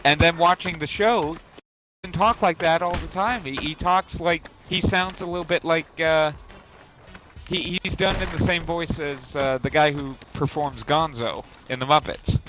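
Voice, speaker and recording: A man's voice: fairly high pitch, steady tone, moderate pace. A young man streaming a game, telling a long rambling story in casual chat, swearing freely and correcting himself as he goes. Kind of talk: casual chat while gaming. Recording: noisy stream audio.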